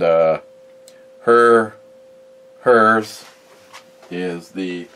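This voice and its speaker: A man's voice: low-pitched, clear, resonant tone. A middle-aged man hosting a gun channel, chatting casually and rambling with many fillers and restarts. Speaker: host of a gun review channel. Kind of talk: casual chat about his collection.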